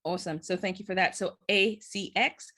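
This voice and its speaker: A woman's voice: mid-range voice, fairly even intonation, normal speed, bright, forceful tone. A woman hosting an interview show, talking casually with a guest and sharing her own stories in an encouraging, self-deprecating way. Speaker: show host.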